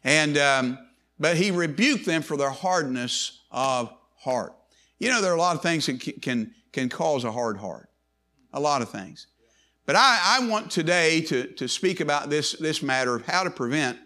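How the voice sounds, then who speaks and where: A man's voice: on the high side, animated, unhurried, bright, forceful tone. A man preaching a sermon in an emphatic way, often restarting and repeating words.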